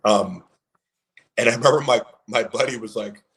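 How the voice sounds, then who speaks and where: A man in his late thirties spins a long story in relaxed livestream chat. His talk rambles along, stacked with fillers. His voice sits at an ordinary middle pitch. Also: normal speed, creaky, a little hiss or hum, poor audio. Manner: rambling, heavy on fillers, acts out quoted people. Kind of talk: casual storytelling on a live stream.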